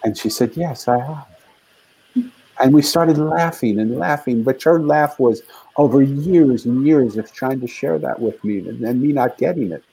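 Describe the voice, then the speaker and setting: A man's voice: medium pitch, moderate pace, vocal fry, dark tone, breathy edge, low-quality recording. An older man, a guest author, telling a heartfelt story in an interview with earnest, building intensity.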